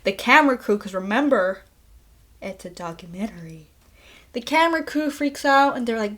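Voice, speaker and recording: A woman's voice: on the high side, lively intonation, normal speed, a bit bright. Chatty woman recapping a movie. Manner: chatty, playful, breaks into laughs; sarcastic mock outrage. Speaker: podcast host.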